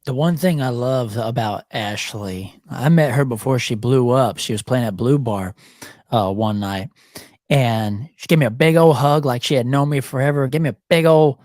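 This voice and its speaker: A man hosting a casual talk show, telling stories in a jokey, animated way. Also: mid-range voice, moderate pace, no room sound, studio quality. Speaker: show host.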